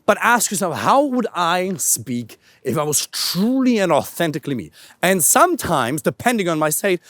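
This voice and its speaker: A male coach giving an energetic, animated instructional talk to camera outdoors in a park. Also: high-pitched, normal speed, dry recording, clean studio sound. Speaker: dating and voice coach.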